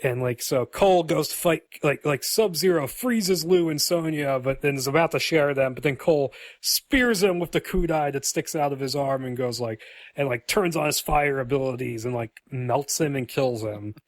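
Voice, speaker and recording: A man's voice: a little high, normal speed, no room sound. A man co-hosting a podcast, casually and animatedly retelling a movie script and acting out its lines. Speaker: podcast co-host.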